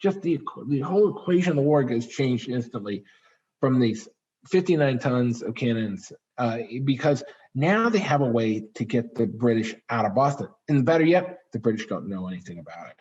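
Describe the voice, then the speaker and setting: A man giving an author talk at a library, telling history as a lively story with dramatic swings in his voice. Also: moderate pace. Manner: animated storyteller, dramatic pitch swings, fillers. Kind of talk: storytelling lecture. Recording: dull lo-fi recording.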